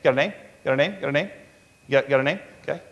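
A pastor preaches a sermon full of stories, acting out the people he quotes in a raised voice. His mid-range voice moves rapid-fire, trailed by a long reverb tail.

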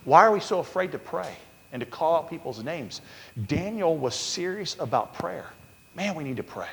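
A man's voice: fairly high pitch, expressive, normal speed, gravelly, long reverb tail. A man preaching a sermon as pastor, telling stories and acting out the people he quotes. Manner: storytelling, acting out quotes in a raised voice.

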